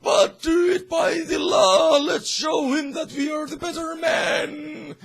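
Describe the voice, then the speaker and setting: A man voicing a desperate older police commissioner who pleads in strained shouts. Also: very high voice, takes it slowly, gravelly, voice pushed up, heavily acted. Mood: pleading.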